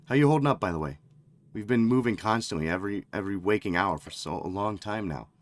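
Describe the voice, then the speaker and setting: A man voicing a tired, worn-out old companion who talks slowly and grumbles. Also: on the low side, animated, lightly acted. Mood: weary.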